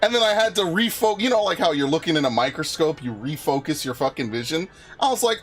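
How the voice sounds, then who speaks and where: A young man chats casually while streaming a game, swearing freely as he tells stories. His voice sits slightly high and swings widely in pitch, with soft music playing behind him. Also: quick pace, few pauses. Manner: animated, profane storytelling.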